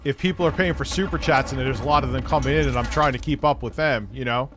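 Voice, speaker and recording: A man's voice: mid-range voice, fast talker, noisy background. A man co-hosting a live stream, cracking crude jokes while he plays a shooter game. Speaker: co-host gaming on stream. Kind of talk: casual live-stream banter.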